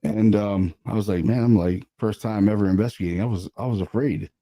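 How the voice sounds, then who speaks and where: A man, a paranormal investigator, casually telling a story about an investigation, animated and sprinkled with swearing and fillers. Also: fairly low pitch, a little fast.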